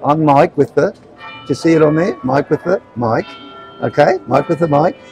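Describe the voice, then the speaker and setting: Earnest Australian man in his seventies, high-voiced. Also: expressive, normal speed, over music, rough recording. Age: 70s. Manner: earnest, chatty, checks in often with "right?" and "okay?". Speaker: street preacher. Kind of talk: street evangelism to passers-by. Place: outdoors on a street.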